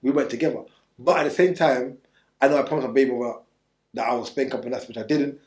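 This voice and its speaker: A man's voice: mid-range voice, steady tone, fast, a little mellow, roomy sound. A man telling his story bluntly in street slang during an interview, rambling and restarting as he goes. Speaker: interview guest.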